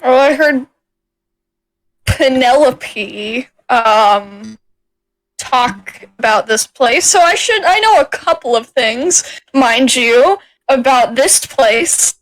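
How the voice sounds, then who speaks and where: A weary male ribbon creature with no mouth in a tabletop game, as a woman plays him, hesitant and dryly joking. The voice sits high and moves slowly. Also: animated, a bit bright, full character voice, rough recording.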